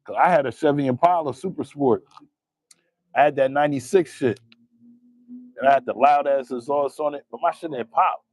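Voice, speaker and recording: A young man from New Jersey with a New Jersey accent, chatting casually on a live stream, animated and profane, laughing often. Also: a little high, moderate pace, long pauses.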